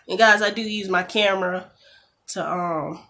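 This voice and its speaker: This beauty vlogger has a medium-pitched voice that sounds pushed and bright. Filming a nail tutorial on her camera phone, she chats casually, jokes around, and is quick to get exasperated.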